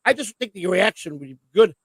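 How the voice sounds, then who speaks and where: A man hosting a casual livestream chat, rambling and swearing excitedly as he talks. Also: high voice, a little fast, no room sound. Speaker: host.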